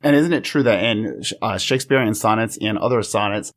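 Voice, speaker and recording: A man co-hosting a library podcast, chatty and playful, reading a poem aloud in measured lines. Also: lowish voice. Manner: playful, reads his own poem aloud slowly. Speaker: podcast co-host. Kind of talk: casual podcast chat.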